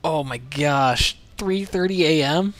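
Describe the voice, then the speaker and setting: A man's voice: fairly high pitch, slow. A man streaming a video game, chatting casually and rambling as he plays, sometimes swearing. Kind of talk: casual livestream commentary while playing.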